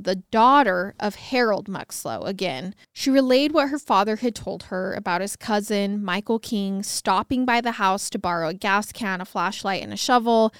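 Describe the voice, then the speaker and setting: A woman narrates a true-crime case for a podcast in a conversational tone, slipping in wry little asides. Her voice is smooth and clear and sits at a mid-range pitch. The recording is dry and close, with no room sound. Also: dry recording. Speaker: podcast co-host.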